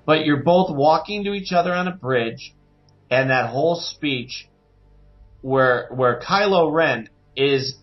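A man co-hosting a podcast in casual chat, animated and acting out quotes in different voices. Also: fairly high pitch, slow, dull audio, soft background music. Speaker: podcast co-host.

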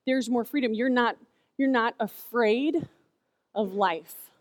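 A woman's voice: fairly high pitch, slow, dry recording. A woman in her thirties giving a casual, chatty sermon to kids, telling stories with lots of "like" fillers. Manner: chatty, animated storytelling with "like" fillers. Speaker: youth speaker.

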